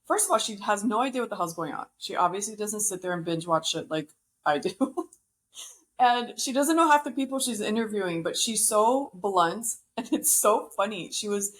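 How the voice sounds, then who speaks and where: A woman's voice: mid-range voice, animated, moderate pace, fairly bright tone. A woman hosting a podcast, chatting casually and gossiping about reality TV with frequent laughs. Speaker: podcast host.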